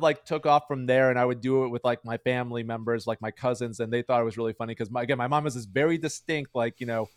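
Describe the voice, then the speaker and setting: A man's voice: medium pitch, fast, few pauses, dry recording, studio quality. A man talking as a streamer guest in a casual interview, rambling with lots of "like" and "you know" fillers.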